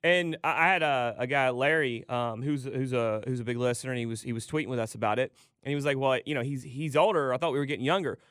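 A man co-hosting a morning sports radio show, talking casually and getting excited about players. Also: medium pitch, fast, hardly any pauses, clear, resonant tone, no room sound, clean studio sound.

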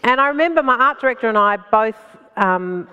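A woman with an Australian accent, a stand-up comedian telling a story as a guest in an animated way and laughing between phrases. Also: fairly high pitch, brisk, smooth, in a large hall, dull audio. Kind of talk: anecdotal storytelling in conversation.

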